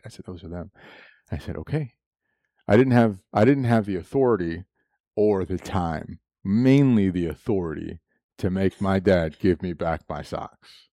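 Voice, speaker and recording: A man's voice: deep voice, measured pace, dark tone, no echo. A man preaching a sermon, telling a personal story with frequent laughs and moments of emotion.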